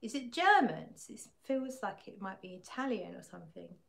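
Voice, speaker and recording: A woman's voice: medium pitch, very animated, moderate pace, vocal fry, a bit bright. A woman chats casually on a livestream, laughing often and reading viewers' comments aloud. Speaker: fragrance livestream host.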